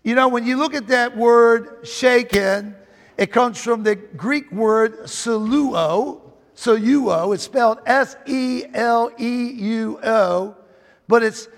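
A man's voice: very high voice, takes it slowly. A man preaching a sermon in a fervent, emphatic way, repeating phrases as he builds. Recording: long hall reverb.

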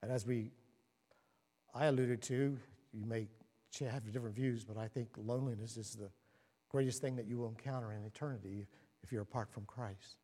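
A man preaching a sermon, moving from quiet and solemn to animated storytelling. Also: brisk. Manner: animated storytelling, rising to excited, laughing highs. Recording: long reverb of a large hall.

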